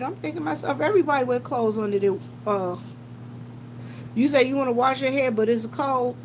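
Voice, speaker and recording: A woman's voice: high-pitched, a little fast, background noise. A woman, chatting casually to viewers as she tells stories and greets commenters during her gas station shift. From South Carolina.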